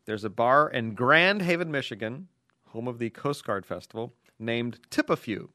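A man's voice: medium pitch, lively intonation, normal speed, bright, forceful tone, dry recording. Dry-voiced man reading listener letters. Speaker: podcast co-host reading listener mail. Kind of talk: casual chat, reading letters aloud.

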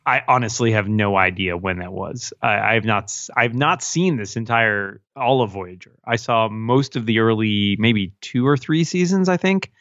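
A man's voice: on the low side, animated, normal speed, hardly any pauses, fairly bright tone, dry recording, highs cut off. A man, an author guest on a podcast, chatting casually with wry, self-deprecating humor. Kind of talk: casual chat.

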